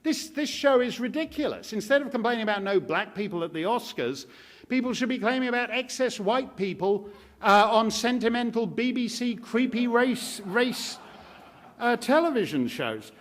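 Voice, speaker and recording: A man's voice: extremely high pitch, animated, moderate pace. A man giving a public lecture at a live event, speaking with wry, sardonic humor.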